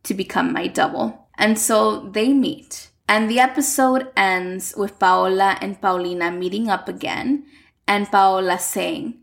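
A woman's voice: medium pitch, steady tone, slow, vocal fry. A young woman recapping a telenovela in a casual, chatty way, filling her sentences with "like". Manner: chatty, uses "like" a lot.

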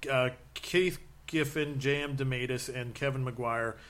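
A man's voice: medium pitch, unhurried. Guy just chatting, going on and on with stories, acts out little quotes. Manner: rambling, animated storytelling with acted-out quotes. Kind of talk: casual chat.

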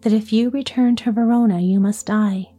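Storybook reading: woman voicing a stern, accusing young noble, husky mellow tone. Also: on the high side, steady tone, normal speed, soft background music. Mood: defiant. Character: proud young nobleman, defiant and hostile.

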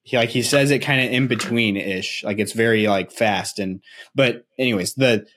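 A man's voice: fairly low pitch, normal speed, fairly bright tone, slight background noise. A man from Nebraska co-hosting a casual basketball podcast, rambling along and laughing easily. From Nebraska, USA. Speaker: podcast co-host.

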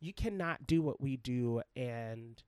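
A man speaking as a Broadway actor guesting on a podcast, earnest and expressive, breaking into laughter often. His voice sits at an ordinary pitch. The sound is close and dry, with no room echo. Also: slow, clean tone. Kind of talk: casual interview chat.

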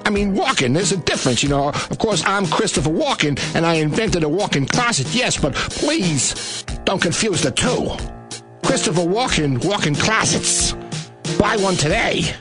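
A man impersonating an odd, halting movie-star pitchman. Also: sing-song, over music. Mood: deadpan salesy. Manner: halting, oddly stressed pitchman delivery. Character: impression of a famous actor hawking closets, man. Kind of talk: comedy radio ad parody.

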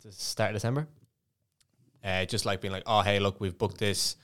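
Low-voiced Irish man, casual podcast chat. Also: steady tone, moderate pace, fairly bright tone. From Ireland. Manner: laughing, swearing, storytelling. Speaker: podcast co-host.

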